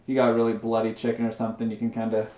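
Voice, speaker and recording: A man's voice: fairly low pitch, monotone, rapid-fire, dark tone. Young man rambling in an echoey kitchen. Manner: rambling, self-deprecating storytelling. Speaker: streamer. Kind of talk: casual cooking livestream chat. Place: home kitchen. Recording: roomy, dull lo-fi stream audio.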